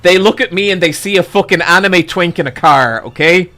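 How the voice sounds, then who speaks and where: Male streamer, casual storyteller, slightly high voice, swears freely, excitable. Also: a little fast.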